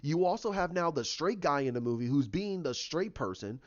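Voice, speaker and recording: An opinionated man ranting in a casual vlog. His voice sits a little high for a man. The recording is dull and lo-fi. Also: animated, moderate pace. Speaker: YouTuber.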